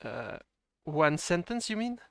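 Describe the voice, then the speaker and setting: A man's voice: a little high, sing-song, unhurried, vocal fry, clear, resonant tone. A man with a French accent, hosting a casual live stream and chatting with a laugh in his voice. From France. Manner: chatty, laughs often, mixes in French phrases. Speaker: stream host.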